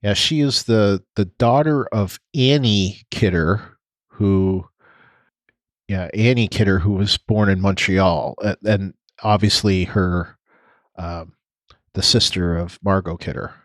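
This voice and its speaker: A man's voice: sits low, slow, no echo. A man co-hosting a podcast in casual chat, rambling and hesitant with many restarts. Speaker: podcast co-host.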